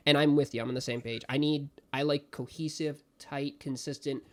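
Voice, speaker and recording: A man co-hosting a podcast in casual chat, excitable and given to ranting, with his voice jumping loud and high when worked up. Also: normal speed. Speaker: podcast co-host.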